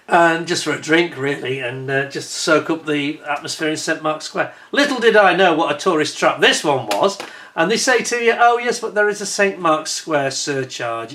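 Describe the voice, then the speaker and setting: A man's voice: medium pitch, sharp tone. A man narrating his holiday footage as a travel vlogger, telling the story as an indignant, exasperated rant.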